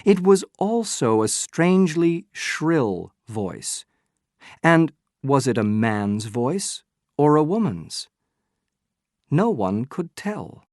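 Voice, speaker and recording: Picture a sharp-minded detective, read by a man in an audiobook, laying out his reasoning in a slow, patient way. He leans hard on key words, and his pitch rises and falls in a lively way. The sound is close and dry. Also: no echo, full character voice. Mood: explaining. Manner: patient, emphatic, probing questions. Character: sharp-minded male detective explaining deductions. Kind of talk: scripted audiobook reading.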